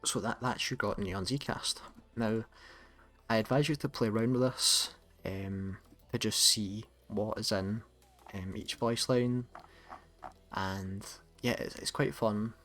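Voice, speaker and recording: A man with a Scottish accent, hosting a casual tutorial in a relaxed, chatty way with some self-corrections. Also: fairly low pitch, slow, faint music behind. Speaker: tutorial host. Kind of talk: casual screen-recorded tutorial.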